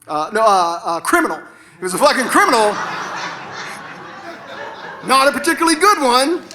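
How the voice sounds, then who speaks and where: A man's voice: high-pitched, sharp tone. A man in his forties performing a self-deprecating stand-up set on a stage, talking casually and swearing easily. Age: 40s. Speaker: stand-up comedian. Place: stage at an arts center.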